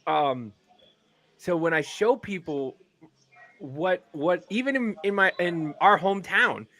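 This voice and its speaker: A man's voice: high-pitched, takes it slowly. Rambling, swearing man telling stories. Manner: rambling, swearing, animated storytelling. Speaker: guest comedian. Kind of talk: casual podcast chat.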